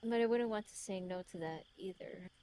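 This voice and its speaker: A woman's voice: medium pitch, normal speed, mellow, lightly acted. A woman reading the lines of a smug, teasing otherworldly young man from a story game aloud, in a put-on British accent.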